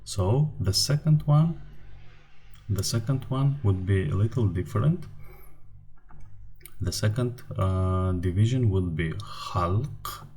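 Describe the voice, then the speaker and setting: A man with a Turkmen accent teaches an online language lesson in English, his first language being Turkmen. His voice is very low and mellow, and he explains step by step at an unhurried pace, pausing often to find his words. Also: expressive. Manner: slow, careful explaining with frequent hesitations.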